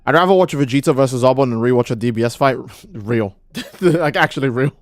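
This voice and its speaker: A man's voice: medium pitch, fairly quick, no echo, studio quality, soft background music. Profane, heated male streamer ranting. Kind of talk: casual live-stream rant.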